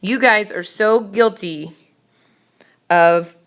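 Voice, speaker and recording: Woman, teacher, bright tone, crisp voice, brisk and scolding. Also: medium pitch. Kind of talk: classroom lecture on public speaking.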